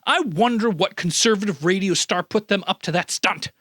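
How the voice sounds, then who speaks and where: A man's voice: high voice, normal speed, a bit bright, dry recording, studio quality. A man from the Midwest hosting a comedic news roundup, sarcastic and full of mock-outraged asides. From American Midwest. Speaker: news host.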